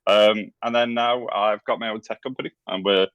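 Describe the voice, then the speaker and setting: A man in his forties with a Scouse accent talks as a podcast guest in a very deep voice. He hesitates often, filling pauses with "um" and restarting his sentences. His audio sounds dull and dry, as if it comes from a remote call. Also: steady tone, fairly bright tone, smooth, no echo. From England. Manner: hesitant, many ums and restarts. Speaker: guest, former game developer. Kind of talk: casual interview talk.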